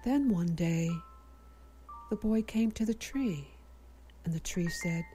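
Gentle woman storybook narrator, slow and mellow, faint music behind. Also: lowish voice, animated. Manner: gentle, measured, sometimes whispering. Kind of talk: children's story reading.

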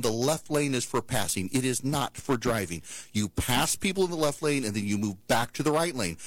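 Man ranting, with a very lively pitch. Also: dry recording. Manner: ranting, exasperated, animated storytelling. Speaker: talk show host. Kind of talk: opinionated monologue.

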